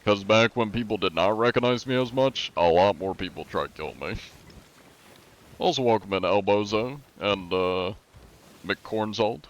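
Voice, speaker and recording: A relaxed American man speaks in a somewhat low voice as he chats with viewers during a live game stream. His talk is loose and rambling, with plenty of casual fillers between thoughts. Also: moderate pace, dull audio. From USA. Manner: laid-back, rambling, many fillers like "like". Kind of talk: casual chat with viewers while gaming.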